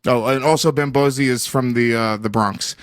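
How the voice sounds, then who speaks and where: A man co-hosting a podcast in casual chat, teasing and excitable, reading out news items. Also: mid-range voice, moderate pace, no room sound, studio quality. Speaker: podcast co-host.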